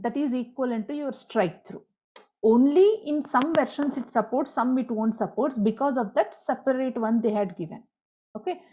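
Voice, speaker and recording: A woman's voice: fairly high pitch, warm tone. Woman explaining code. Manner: explains step by step, repeats key points, spells out tag names. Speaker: programming tutor. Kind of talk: screen-recorded coding tutorial. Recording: dull lo-fi audio.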